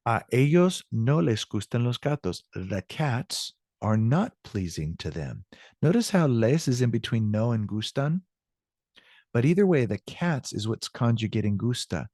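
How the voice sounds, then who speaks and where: A man's voice: mid-range voice, sing-song, a little slow, a little mellow, no room sound, studio quality. A male Spanish teacher walking students through grammar, patiently repeating example sentences and checking in with the class.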